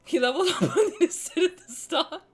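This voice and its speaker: A woman's voice: very high voice, lively intonation, fast. A woman streamer reacting on a livestream, laughing hard and swearing casually, crying with laughter.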